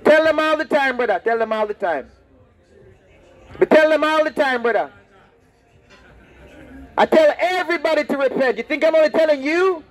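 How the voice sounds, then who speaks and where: A man preaching loudly and confrontationally on the street, repeating his lines. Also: very high-pitched, lively intonation, normal speed, long pauses, faint music behind, low-quality recording. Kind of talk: open-air street preaching. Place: outdoors on a street.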